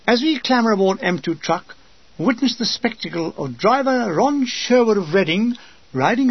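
A man reading his own wartime memoir with dry, deadpan comic timing. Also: sits high, normal speed, breathy edge, muffled recording. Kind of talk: comic audiobook narration.

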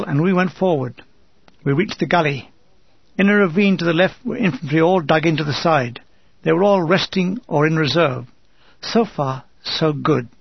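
A man's voice: on the high side, gravelly, breathy edge, no room sound, dull audio. A man narrating his own wartime memoir in a dry, wry voice that turns urgent and shaken. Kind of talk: first-person wartime memoir reading.

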